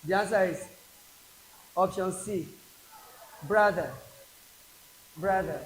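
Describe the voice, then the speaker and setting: Nigerian guy teaching english exam prep, slow and repeats words, echoey room w a bit of hiss. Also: high-pitched. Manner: slow, repeats each word aloud for drilling. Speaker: English tutor. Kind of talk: exam prep class lecture. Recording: echoey classroom with faint hiss.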